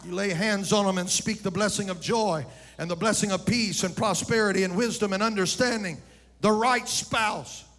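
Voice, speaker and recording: Pastor, high voice, animated sermon with shouted peaks and direct address. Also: male voice, brisk.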